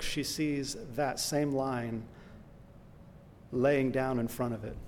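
A male preacher with a mid-range voice who delivers his sermon slowly and earnestly, pressing his points home with emphatic lists. His words ring out with the long reverb of a large hall, over a faint background hiss. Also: mid-range voice.

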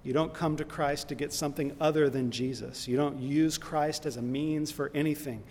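A man's voice: fairly high pitch, fairly even intonation, moderate pace, a little mellow, a little hiss or hum. A man preaching a sermon, earnest and emphatic, who builds into impassioned lists and retells a story along the way. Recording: long reverb in a large hall.

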